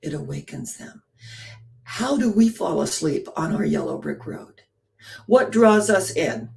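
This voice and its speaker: A woman giving a spiritual storytelling talk, animated, often posing questions to her listeners. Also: lowish voice, a little slow, creaky, slight background noise. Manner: animated, poses rhetorical questions. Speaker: inspirational speaker.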